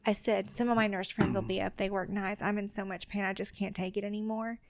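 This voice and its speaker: Woman, podcast guest, earnest personal testimony, gravelly fry, close dry mic. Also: medium pitch, fast, dry recording. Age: adult with children. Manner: earnest, quotes people in lively retellings.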